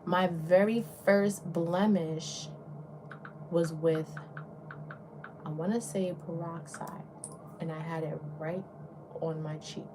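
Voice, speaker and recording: This is a young woman with a Southern US accent, a beauty influencer wandering from thought to thought in a relaxed get-ready-with-me chat. Her voice sits a little low, and now and then she drops into a soft whisper. A steady hiss of home background noise runs under her speech. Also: takes it slowly, long pauses. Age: young adult.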